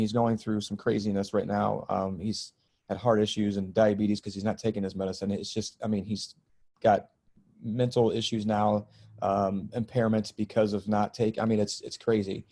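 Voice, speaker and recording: A man's voice: lowish voice, little pitch movement, moderate pace, mellow. A middle-aged man, a spiritual teacher and healer, telling a personal story as a guest on a podcast interview, earnest and emotional, easing tension with jokes.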